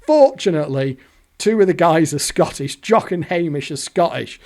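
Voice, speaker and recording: A man's voice: fairly high pitch, expressive, moderate pace, a little mellow. An English man telling a rambling, chatty story over pictures as host of a gambling video channel. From England. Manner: rambling, chatty, self-correcting, swears casually.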